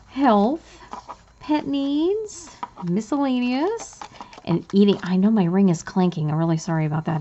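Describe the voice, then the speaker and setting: A woman, a bubbly, chatty budgeting vlogger talking through her cash envelopes and getting excited easily. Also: mid-range voice, muffled recording, a little hiss or hum. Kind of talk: casual cash envelope walkthrough.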